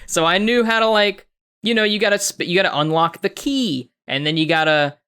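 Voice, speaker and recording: A young man co-hosting a casual podcast, his voice bright and a touch high. He tells his story with animated energy, swears freely and mimics voices as he goes. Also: brisk, smooth. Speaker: podcast co-host.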